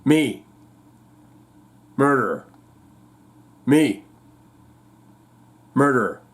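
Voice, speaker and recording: A man's voice: on the high side, animated, measured pace. A man hosting a show in casual chat, rambling, reading out viewer comments and telling corny jokes. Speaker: host.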